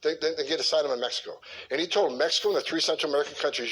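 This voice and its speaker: A man's voice: fairly high pitch, rapid-fire, hardly any pauses, fairly bright tone, breathy edge, low-quality recording. Blunt, heated middle-aged man. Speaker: former border enforcement official. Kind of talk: clip of a talk or interview.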